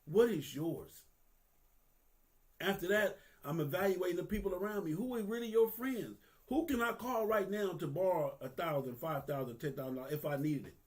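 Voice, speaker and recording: Here a man in his 50s talks in a high voice at a moderate pace. The vlogger's monologue is candid and earnest, profane and street-casual, with phrases repeated for emphasis.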